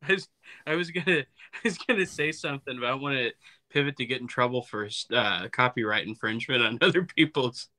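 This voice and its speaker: A man's voice: mid-range voice, fairly quick, pushed and bright. A man co-hosting a casual podcast, joking and playful and laughing between lines. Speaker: podcast co-host.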